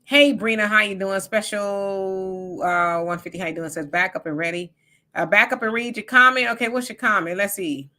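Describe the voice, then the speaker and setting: A woman's voice: medium pitch, fairly even intonation, normal speed, pushed and bright. A middle-aged woman, co-hosting a live stream and reading viewer comments in a chatty, teasing way. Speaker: livestream co-host. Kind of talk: casual live-chat commentary.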